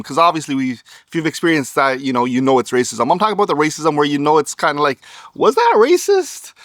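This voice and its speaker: A man's voice: fairly high pitch, fairly bright tone, no room sound, studio quality. A man vlogging, telling a story to camera in a wry, sarcastic way and laughing as he goes.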